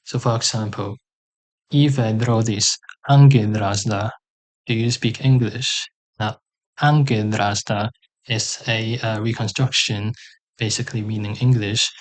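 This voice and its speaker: A man teaching a language lesson, sounding out example words slowly and carefully, with pauses and fillers. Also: lowish voice, fairly even intonation.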